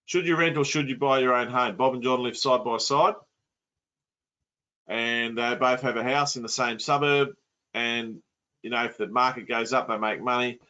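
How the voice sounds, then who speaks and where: A man's voice: medium pitch, fairly even intonation, normal speed, bright, forceful tone. A man coaching property investment in an online masterclass, blunt and colloquial.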